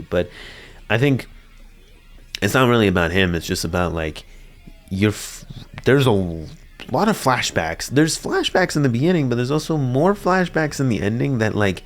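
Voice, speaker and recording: A young man talking through his thoughts on an anime film in a casual, rambling way, stammering and restarting now and then with a laugh. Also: lowish voice. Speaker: anime reviewer. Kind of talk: casual spoken review.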